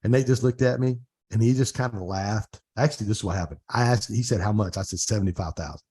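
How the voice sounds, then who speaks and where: A man's voice: medium pitch, fast talker, husky. A middle-aged man, a podcast guest, telling stories in a casual interview and acting out the dialogue. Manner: animated storyteller, acts out quoted dialogue.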